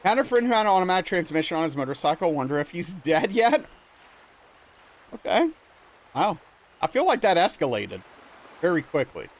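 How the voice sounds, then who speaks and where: A man's voice: high-pitched, big pitch swings, normal speed, long pauses. A young man from Louisiana chatting casually with viewers on a livestream, reading chat aloud and answering playfully with bursts of mock outrage. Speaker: streamer.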